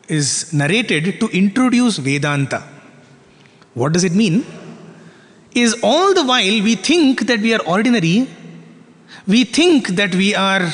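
Man, spiritual teacher telling a parable, high-pitched voice, animated, rhetorical questions, long hall reverb. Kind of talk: storytelling sermon.

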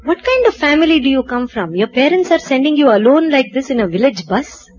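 A woman's voice: sits high, big pitch swings, brisk, darkish tone, slight background noise. Tutting old village guys, lecturing, muffled audio done by a woman. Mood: disapproving. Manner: tutting, disapproving. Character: disapproving elderly village men.

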